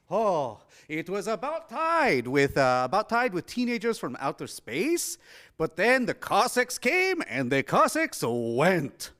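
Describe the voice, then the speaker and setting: A man's voice: sits high, huge pitch swings, unhurried, sharp tone. A man hosting a horror movie screening in a cinema, talking on a lavalier mic in a playful, punny way with many fillers. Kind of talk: live post-screening chat. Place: cinema auditorium.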